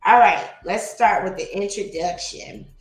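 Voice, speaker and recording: Woman host, casual livestream reader, chatty and quick to laugh, roomy echo on the voice. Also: mid-range voice, faint music behind. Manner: chatty, laughs often, reads poetry slowly. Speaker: livestream host reading aloud. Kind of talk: casual livestream reading and chat.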